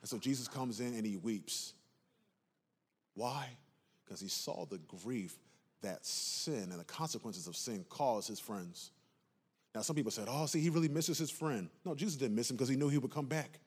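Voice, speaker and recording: A man's voice: mid-range voice, moderate pace, slightly rough. A man preaching a passionate sermon as pastor, asking the congregation if they are with him and rising to emphatic peaks. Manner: impassioned preaching with call-and-response asides.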